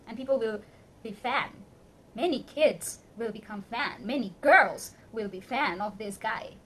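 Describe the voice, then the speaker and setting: A woman's voice: fairly high pitch, measured pace, a bit bright, a little hiss or hum. A young woman from Bangladesh with a Bangladeshi accent, delivering an emotional, pleading rant to camera in English as a second language. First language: Bengali. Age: young adult. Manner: impassioned, pleading, emphatic. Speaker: vlogger.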